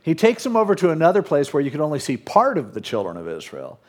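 A man's voice: fairly high pitch, huge pitch swings, fast. Man casually retelling a bible story. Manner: casual storytelling, retelling scripture in plain modern speech. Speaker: pastor. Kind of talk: sermon.

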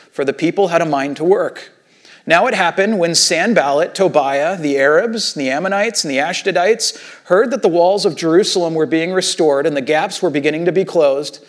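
A man preaching a sermon as pastor, talking casually with rhetorical questions and reading scripture aloud slowly. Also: on the high side.

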